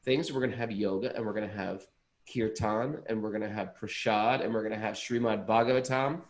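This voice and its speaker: A man's voice: lowish voice, fairly even intonation, fairly quick. An enthusiastic man, a podcast co-host chatting casually and rambling over his own words. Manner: enthusiastic, rambling, self-interrupting. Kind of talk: casual chat.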